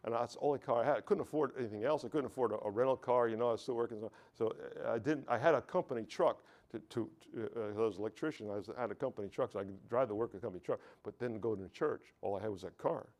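A man's voice: mid-range voice, very fast, few pauses, darkish tone. An American man preaching a sermon, telling a personal testimony, often stumbling and repeating words and calling out to the congregation for amens.

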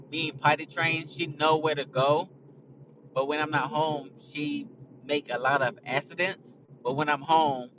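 A man's voice: a little high, far from the mic, highs cut off, a little hiss or hum. A young man talking casually as a podcast host, blunt and profane, rambling from a moving car. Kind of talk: casual chat. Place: in a car on a highway.

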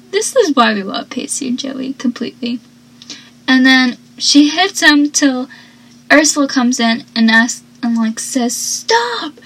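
A woman's voice: sits high, a bit bright, rough recording. A woman chatting casually as she recaps a TV show, rambling and acting out the characters' lines. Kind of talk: casual chat.

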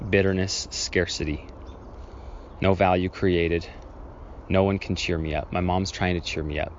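Rambling male podcast host, dull lo-fi sound. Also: slight background noise. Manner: rambling, self-correcting, acts out childhood scenes with raised pitch. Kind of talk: reflective solo podcast storytelling.

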